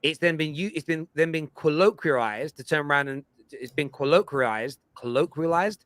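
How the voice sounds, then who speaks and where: A man hosts a football fan chat with a bright, forceful voice that sits a little high. He lectures and stresses his points with energy, and the close microphone sounds dry and present. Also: moderate pace, no room sound. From England. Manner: emphatic, lecturing, animated. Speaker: football fan show host.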